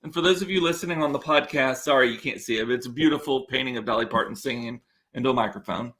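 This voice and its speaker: A man's voice: mid-range voice, fast talker, a bit bright. A man hosting a podcast, chatting casually and rambling, often interrupting himself as he answers viewers. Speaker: podcast host. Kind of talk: casual chat reading viewer comments.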